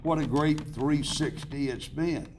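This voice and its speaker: A man's voice: on the high side, unhurried, noisy background. A man in his seventies giving an award acceptance speech, telling chatty self-deprecating anecdotes with restarts and chuckles at a podium microphone in a banquet hall.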